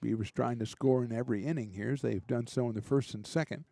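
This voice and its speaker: A man doing relaxed, chatty play-by-play commentary for a college baseball game, with small asides and jokes between pitches. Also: fast talker, gravelly, no echo. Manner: relaxed, chatty, lightly joking between pitches, rising excitement on big plays. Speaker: play-by-play announcer.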